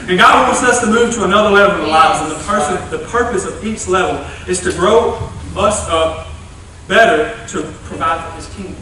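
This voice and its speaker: A young man preaching a youth revival sermon, animated and folksy, with playful asides. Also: sits high, a little fast, few pauses, a little hiss or hum. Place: church sanctuary. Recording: distant echoey church recording.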